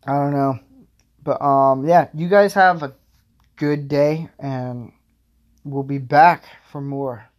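A young man talks on his own podcast in loose, meandering chat. He stacks fillers and pokes fun at himself. His voice sits at an ordinary middle pitch. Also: slow, pauses often. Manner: rambling, filler-heavy, self-deprecating. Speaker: podcast host. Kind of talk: casual solo podcast rambling.

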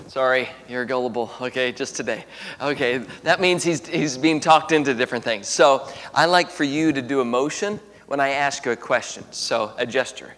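A man's voice: mid-range voice, fairly bright tone. A man leading an interactive Bible lesson for a class. He talks in a chatty way, asks many questions, laughs often and uses lots of fillers. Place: large room with a piano. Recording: echoey hall.

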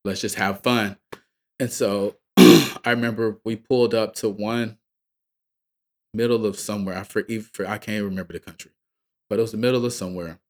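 A man's voice: lowish voice, fairly even intonation, a little fast. A man from Atlanta with a Southern accent, a rapper guest telling a loose, profane tour story and laughing often. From Atlanta, Georgia. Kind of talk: casual storytelling.

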